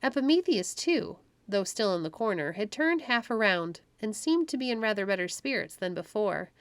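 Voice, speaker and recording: Gentle woman reading a storybook. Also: mid-range voice, very animated, normal speed, clear, resonant tone, no room sound. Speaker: storybook narrator. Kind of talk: family read-aloud of a classic story.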